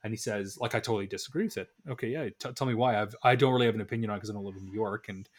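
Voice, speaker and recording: A man's voice: lowish voice, rapid-fire, husky. A man in his thirties co-hosting a podcast, telling a long story with many restarts and acted-out dialogue. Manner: rambling anecdotal storytelling with many restarts and animated quoted dialogue. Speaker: podcast co-host. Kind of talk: casual podcast chat.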